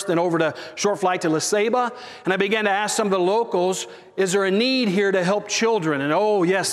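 In a large hall, a pastor with a high-pitched voice preaches a sermon, earnestly telling a mission story and asking the congregation to agree with him.

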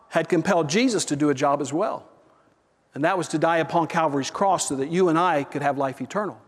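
Man, pastor, earnest sermon storytelling, high-pitched, long church reverb. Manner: earnest storytelling preacher, asks congregation for agreement.

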